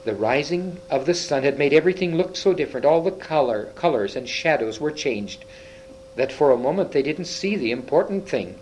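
A man's voice: fairly high pitch, lively intonation, moderate pace, a little mellow, slight background noise, low-quality recording. A man reading a children's fantasy book aloud, with small slips and restarts. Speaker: reader.

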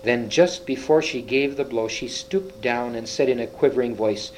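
A man reads a children's fantasy book aloud at an unhurried, careful pace. He stumbles now and then and restarts a word. A faint hum sits under his mid-pitched voice. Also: a little mellow, rough recording. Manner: slow, halting reading with small slips and restarts. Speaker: reader.

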